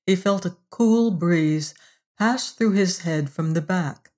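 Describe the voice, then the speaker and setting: Slow, measured audiobook narrator. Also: mid-range voice, a little mellow. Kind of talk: audiobook reading.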